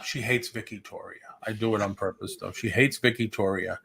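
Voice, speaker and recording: A man's voice: on the low side, steady tone, fairly quick, creaky, fairly bright tone. A man hosting a casual livestream chat, joking and rambling with lots of restarts. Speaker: host.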